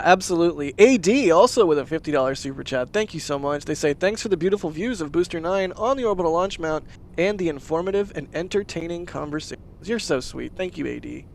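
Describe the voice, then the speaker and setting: A chatty man hosting a casual livestream, his voice sitting a little high. He laughs easily and gushes over each supporter he thanks. The talk is loose and friendly. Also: creaky, a little hiss or hum. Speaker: livestream host.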